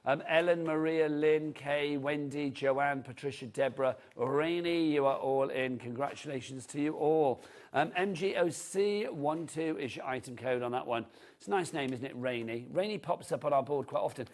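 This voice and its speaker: A man's voice: a little high, normal speed. A man presenting on a live shopping channel, chatty and upbeat, reading out buyers' names, prices and item codes. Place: TV studio.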